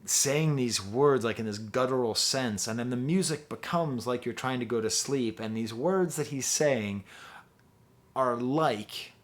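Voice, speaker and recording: A man's voice: mid-range voice, measured pace. A man giving a rambling, enthusiastic spoken album review with lots of fillers. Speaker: music reviewer.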